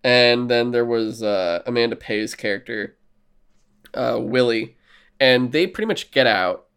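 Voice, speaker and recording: A man talking casually on a podcast, recapping films in an animated, swearing style. His pitch sits in a plain middle range, and he jumps into little acted bits as he tells the story. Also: a little slow, smooth. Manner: animated, profane storytelling that acts out quotes. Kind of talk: casual movie chat.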